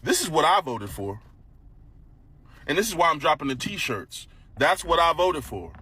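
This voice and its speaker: A man's voice: on the high side, very animated, moderate pace, pushed and bright, a little hiss or hum. A man ranting in a mocking, sarcastic tone as a political commentator.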